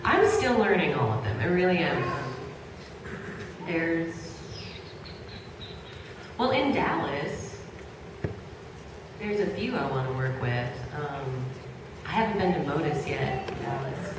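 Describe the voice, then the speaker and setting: A woman's voice: deep voice, lively intonation, slow, long pauses. A woman, a voice actor and Foley artist, chatting in an upbeat, casual way on a convention panel. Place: large convention panel hall with an audience. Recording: echoey hall taped from far off, noisy.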